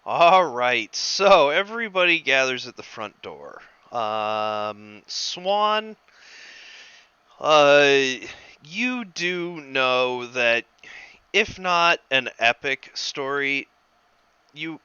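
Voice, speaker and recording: A man narrating as game master of a tabletop game, halting and repeating words as he describes scenes. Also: medium pitch, animated, bright, forceful tone, clear, resonant tone, dry recording, highs cut off.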